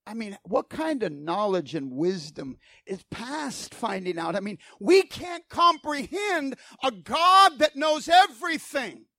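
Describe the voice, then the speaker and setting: A man's voice: extremely high pitch, sing-song, unhurried, few pauses, bright, forceful tone, no echo, studio quality. A man preaching a sermon in a fervent, emphatic style, asking the congregation rhetorical questions.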